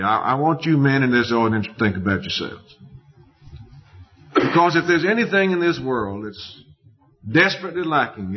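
A man preaching a sermon in a slow, deliberate way with emphatic rises. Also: medium pitch. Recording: dull lo-fi recording.

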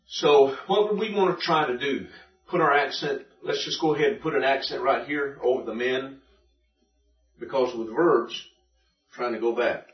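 A male teacher giving a patient, methodical classroom lecture, repeating and drilling points for his students. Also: medium pitch. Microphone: room recording from a distance. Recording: distant echoey classroom recording, dull lo-fi.

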